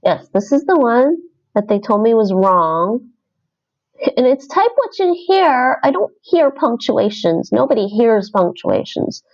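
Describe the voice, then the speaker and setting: Slow gravelly woman thinking aloud. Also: on the high side, sing-song, darkish tone, lo-fi sound. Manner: thinks aloud, chatty, self-correcting. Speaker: language-learning streamer. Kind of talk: casual livestream commentary while doing app lessons.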